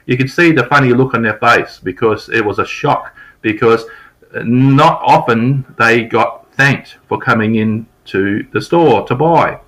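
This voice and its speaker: A man's voice: on the low side, measured pace, a bit bright, low-quality recording. A middle-aged man teaching sales techniques in an informal, conversational way, repeating key points for emphasis. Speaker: sales trainer. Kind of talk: informal spoken sales lesson.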